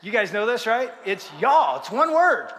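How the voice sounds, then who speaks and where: A man's voice: extremely high pitch, moderate pace, in a large hall. A man preaching a sermon in a large church, telling stories and joking with the congregation. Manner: lively storytelling, jokes with congregation. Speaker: pastor.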